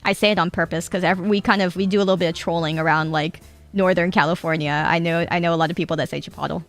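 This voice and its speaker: A woman's voice: fairly low pitch, steady tone, fast, faint music behind. A young Japanese woman chatting casually to her live-stream chat, giggly and rambling, swearing now and then. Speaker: VTuber streamer.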